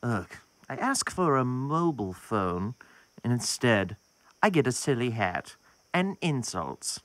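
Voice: medium pitch, very animated, takes it slowly, dry recording. An actor playing Herb, a sarcastic, complaining male talking skeleton in a horror-comedy short film.

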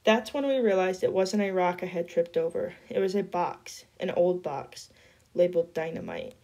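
A woman reading a novel chapter aloud in a steady storytelling voice. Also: fairly low pitch, normal speed, vocal fry. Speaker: reader.

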